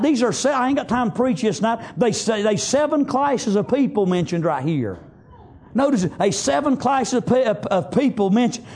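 Man, very high voice, fiery pulpit preacher, shouts his points. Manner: emphatic, shouting refrains, frequent amens. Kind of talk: fiery sermon. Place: church sanctuary.

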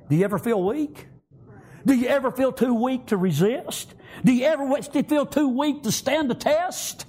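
A middle-aged man preaching a sermon, shouting in bursts, with folksy grammar and frequent amens. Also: very high voice, lively intonation, normal speed, husky.

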